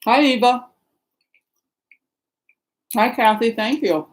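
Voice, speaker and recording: A middle-aged woman hosting a livestream from the Seattle area of Washington greets her viewers by name and chats in a rambling, casual way. She talks slowly in a voice that's a little high. The recording quality is low.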